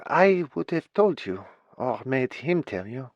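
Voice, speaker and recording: A man's voice: medium pitch, very animated, unhurried, no echo, muffled recording, pitched above the performer's own voice. A male narrator voicing a woman with a heavy foreign accent, speaking emphatically and disapprovingly. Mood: indignant. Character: Juliet, woman with heavy accent, warm, outspoken.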